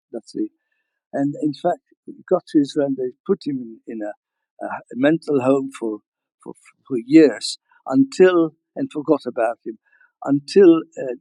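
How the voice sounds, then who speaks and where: An older man from Libya recounting family history to an audience, halting with restarts and chuckles. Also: medium pitch, a little mellow, no room sound, low-quality recording. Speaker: guest speaker.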